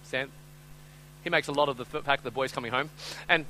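A man preaching a sermon as pastor, telling a story conversationally with "right?" and "I'm telling you", acting out voices and swinging from loud to hushed. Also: medium pitch, fairly even intonation, fast talker, a little hiss or hum, poor audio.

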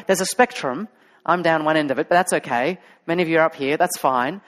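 A man's voice: high-pitched, very animated, normal speed. A man with an Australian accent preaching a sermon as a pastor, talking conversationally and telling stories with many fillers and restarts. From Sydney, Australia.

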